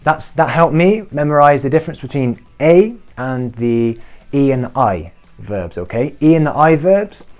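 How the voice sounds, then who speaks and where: A man teaching a beginner Spanish lesson to camera, checking in often with "okay?" and slowing down to model each Spanish form. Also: medium pitch, darkish tone. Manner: encouraging, checks in with frequent "okay?". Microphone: talking to camera.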